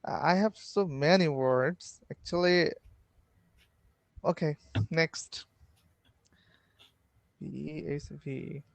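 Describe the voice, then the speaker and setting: Man from Bangladesh, English learner, slow, gravelly voice, hesitant, dry sound. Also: a little high, no room sound. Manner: hesitant, halting with many fillers. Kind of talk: practicing pronunciation. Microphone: video call.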